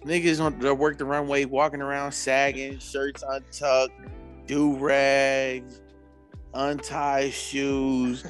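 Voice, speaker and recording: A man telling a story in casual podcast chat, animated and laughing, acting out the people he quotes and swearing freely. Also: mid-range voice, slow, soft background music.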